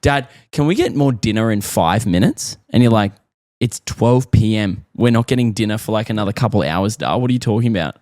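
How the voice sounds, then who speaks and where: Give me a low-voiced Australian dad rambling earnestly in casual chat, with a dry close-mic sound. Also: male voice, expressive, fairly quick, a little mellow, dry recording. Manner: rambling, earnest, self-questioning. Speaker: father on a parenting podcast.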